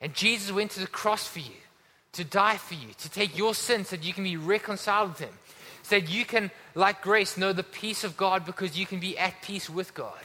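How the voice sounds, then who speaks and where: A man's voice: high-pitched, moderate pace, pushed and bright. A man preaching a sermon to a church congregation, earnest and urging his listeners. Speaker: pastor. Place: church hall. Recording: long hall reverb.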